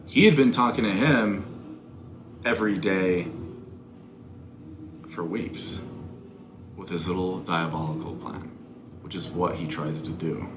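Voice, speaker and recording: Casual profane storyteller, man in his 20s, deep voice, roomy noisy recording. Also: slow pace, long pauses. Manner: profane, candid, self-critical. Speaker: vlogger telling a story. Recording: echoey room with background noise.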